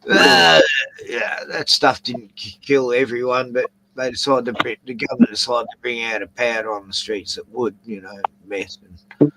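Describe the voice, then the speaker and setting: A man's voice: medium pitch, fairly even intonation, moderate pace, background noise. A man hosting a late-night livestream chat, rambling, swearing and getting worked up as he talks. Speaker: livestream host.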